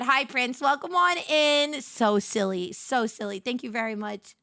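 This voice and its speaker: A woman's voice: on the high side, measured pace, vocal fry, bright, forceful tone, smooth, dry recording, studio quality. A woman hosting a casual reaction stream, giggly and playful as she chats. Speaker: streamer host.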